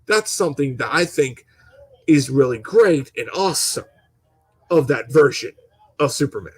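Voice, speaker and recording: A man's voice: medium pitch, lively intonation, normal speed, darkish tone, slightly rough, low-quality recording. A young man in a casual, passionate opinion rant as a gaming channel host, rambling with stuttering restarts and swearing.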